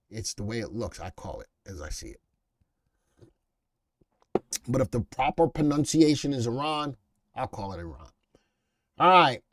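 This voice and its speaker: A middle-aged man hosts a live market stream, reading headlines and talking back to his chat in an off-the-cuff, emphatic way. His voice jumps up when he drives a point home, then settles back down. The sound is close and dry, with no room echo. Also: medium pitch. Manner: reads headlines aloud, then talks back to viewers in chat. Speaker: live stock market show host.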